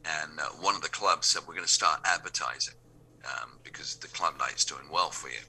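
English man, radio DJ, low voice, forceful bright tone, spins anecdotes with quoted dialogue. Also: normal speed, creaky, breathy edge. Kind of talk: anecdotal storytelling.

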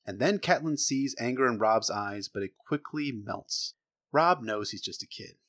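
A man's voice: medium pitch, moderate pace. Guy hosting a podcast, joking thru a book chapter, voice jumps all over, kinda sarcastic. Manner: lively, sarcastic, swears freely, acts out quotes. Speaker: podcast host. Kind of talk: casual book recap with jokes.

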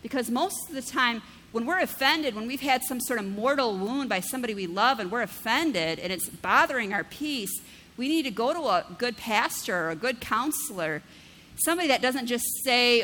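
A woman's voice: a little high, expressive, moderate pace, pushed and bright, in a large hall, slight background noise. A woman pastor preaching a conversational sermon, often checking in with "right?" and using vivid everyday examples. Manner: conversational, keeps asking "right?".

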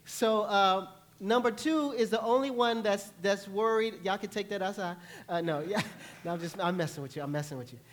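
Man, pastor, sermon, high-pitched, animated storytelling, playful. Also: moderate pace. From New York. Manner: animated storytelling, acts out panicked voices. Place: church.

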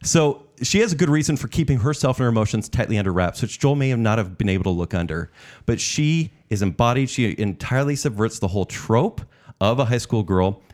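A man's voice: mid-range voice, expressive, a little fast, a little mellow. A man co-hosting a casual film podcast, giving opinionated takes and teasing his co-host. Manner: opinionated, teasing, reads from notes.

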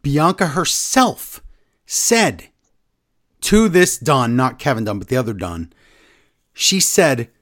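A man co-hosting a wrestling podcast in casual chat, animated and rattling off news in quick bursts. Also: mid-range voice. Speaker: podcast co-host.

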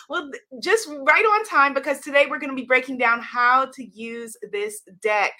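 A woman's voice: high voice, animated, normal speed, pushed and bright. A woman hosting a live stream as an author, talking casually with viewers, upbeat and greeting them by name. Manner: upbeat, laughs often, greets viewers one by one. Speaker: livestream host and author.

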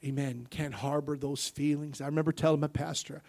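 A man delivers a sermon in a voice pitched a little above the usual for men. He tells his testimony softly and slowly, then climbs into loud, driving preaching, dropping "amen" after nearly every phrase. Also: fairly even intonation, gravelly. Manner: testimony that swells from hushed to loud emphatic preaching; punctuates with frequent "amen".

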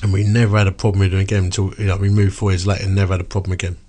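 A middle-aged man telling a story in a casual chat, animated and chatty with lots of asides. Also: deep voice, racing.

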